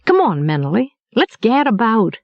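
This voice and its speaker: A woman puts on a cheeky young apprentice boy, pitched up high and wheedling, full of hungry eagerness. His voice swings about with lots of lively rise and fall, heard dry and close on a dull, lo-fi recording. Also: normal speed, no room sound. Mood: eager.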